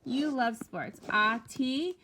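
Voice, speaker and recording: A woman Spanish teacher walking through homework answers, explaining patiently and slowing down to pronounce each Spanish example. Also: high-pitched, animated, sharp tone. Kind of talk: recorded homework walkthrough.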